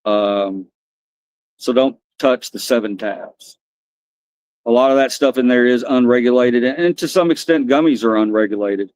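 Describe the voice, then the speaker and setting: A man's voice: mid-range voice, normal speed, darkish tone, dry recording, low-quality recording. Man, American accent, livestream host, loose rambling chat, dry sound. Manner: rambling, loose and chatty, talks to viewers by name. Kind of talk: casual chat with chat readers.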